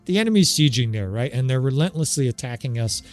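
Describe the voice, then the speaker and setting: A man's voice: medium pitch, animated, fast. A man casually commentating his strategy game as he plays, swearing and laughing often and tagging his points with "right?". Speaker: gameplay commentator. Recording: game music playing loudly behind. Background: game soundtrack music.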